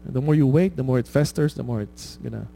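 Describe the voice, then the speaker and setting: A man's voice: medium pitch, quick pace, creaky, mellow, a little hiss or hum. A man preaching a conversational sermon, often asking "right?" and laughing at his own stories.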